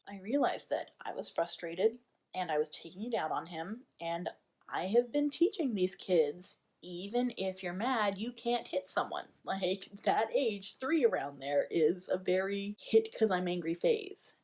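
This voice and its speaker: A woman's voice: lowish voice, sing-song, unhurried. A young adult woman, a parent educator, giving candid, chatty parenting advice straight to camera. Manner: chatty, candid, with fillers like "like" and soft laughs. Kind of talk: casual advice talk to camera.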